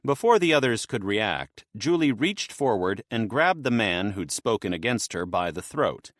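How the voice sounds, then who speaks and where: A man narrating an audiobook in the first person, in a lively, expressive storytelling manner. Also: lowish voice, moderate pace, no echo, studio quality.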